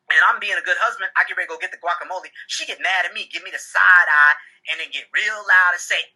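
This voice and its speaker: A man in his forties performing a stand-up comedy set, telling animated stories and acting out dialogue loudly. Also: high-pitched, fast talker. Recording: phone-like audio.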